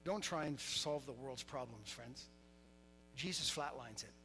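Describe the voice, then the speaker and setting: A middle-aged man preaching a sermon, telling stories with lively quoted voices and laughter. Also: mid-range voice, a little slow, faint music behind, low-quality recording. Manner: animated storytelling, laughing, voicing quotes. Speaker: pastor.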